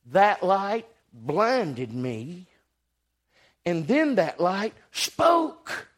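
Male pastor, sermon storyteller, higher-than-usual voice. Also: sing-song, drawn-out words. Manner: folksy storytelling with sudden loud rises. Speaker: preacher.

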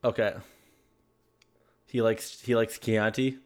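A man's voice: fairly low pitch, level tone, slow, darkish tone. A man co-hosting a podcast, chatting casually in an easygoing, slightly sheepish way with short replies. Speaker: podcast co-host. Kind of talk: casual chat.

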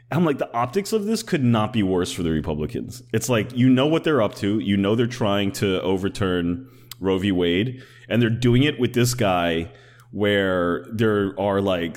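A man in casual political chat, sardonic and animated, filling his talk with "like" and slipping into impressions. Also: deep voice. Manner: animated, sardonic, many "like" fillers, slips into impressions.

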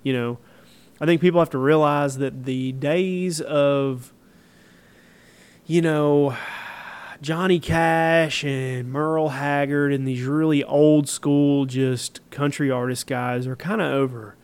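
A man's voice: a little high, steady tone, slow, clean tone. A man from Middle Tennessee with a Southern accent, hosting a podcast in easygoing, rambling casual talk full of fillers. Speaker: podcast host.

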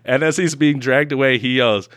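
A man's voice: medium pitch, normal speed, a bit bright, smooth, dry recording, clean studio sound. A man co-hosting a podcast, animatedly recapping a movie plot in casual chat, laughing and acting out quoted lines. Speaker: podcast co-host.

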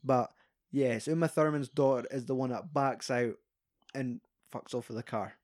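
A man's voice: mid-range voice, moderate pace, a little mellow, dry recording, studio quality. A Scottish man chatting casually about a film, retelling scenes with lots of swearing and putting on the characters' voices.

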